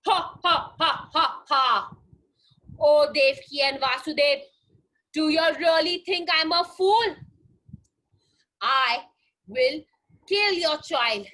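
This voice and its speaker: A woman's voice: very high voice, pushed and bright, voice pushed up, rough recording. A woman doing a gloating evil king. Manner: gloating, menacing. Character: evil laughing tyrant king, male adult.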